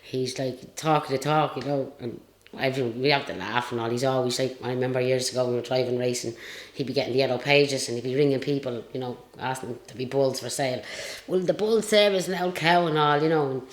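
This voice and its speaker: A woman's voice: extremely low pitch, fairly even intonation, a little fast. An Irish woman and retired jockey telling stories in a casual interview, rambling and chatty with lots of fillers. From Ireland. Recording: roomy echo.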